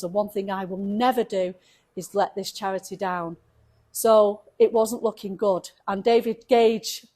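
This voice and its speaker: A woman's voice: mid-range voice, a little mellow. A woman vlogging a car restoration, chatting emotionally and laughing often. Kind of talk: casual chat to camera.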